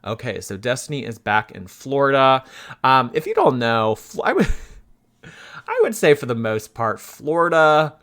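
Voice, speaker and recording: Lively, playful man hosting a commentary vlog. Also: medium pitch. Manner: animated, playful, drawn-out asides and jokes. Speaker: YouTube commentary host.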